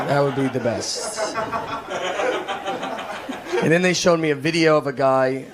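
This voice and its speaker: A man from Tennessee, in his thirties, doing a rambling, deadpan, self-deprecating stand-up set on a theater stage. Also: a little high, slow, long pauses, over a noisy crowd. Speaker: stand-up comedian. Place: theater stage with a laughing audience. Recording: live stage recording with clear noise.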